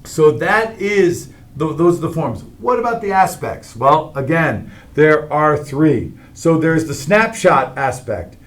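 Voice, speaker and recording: A man's voice: fairly high pitch, animated, takes it slowly, hardly any pauses. A middle-aged man teaching a Latin grammar lesson, explaining each form step by step and often checking in with "all right?".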